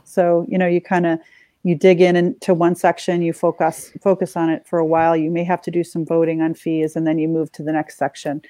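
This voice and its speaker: A woman's voice: on the low side, flat delivery, brisk, mellow, no room sound. A woman on the school committee explaining a budget process in a casual discussion, with dry sarcastic asides.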